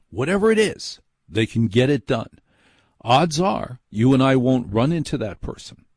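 Gravelly man hosting late-night radio. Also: mid-range voice, darkish tone, no room sound, studio quality. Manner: chatty, self-deprecating, rambling asides. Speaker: radio show host. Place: radio studio. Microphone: studio mic.

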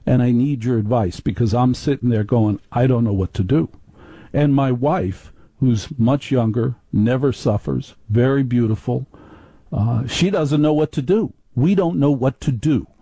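A man's voice: medium pitch, a little slow, warm tone, dry recording. A middle-aged man hosting a live radio talk show, chatty and confiding, rambling on with listeners.

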